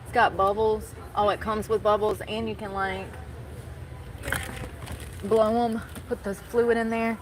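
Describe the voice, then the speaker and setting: A woman's voice: medium pitch, little pitch movement, a little slow, long pauses, background noise. A woman live streaming on her phone while shopping in a large store, rambling to her chat and complaining about others.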